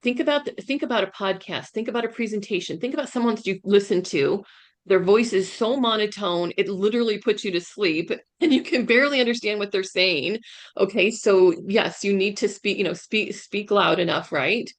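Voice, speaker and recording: Woman coaching people on a video call, emphatic, keeps asking right?, middle pitch. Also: brisk. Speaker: career coach, guest speaker. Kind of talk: webinar presentation.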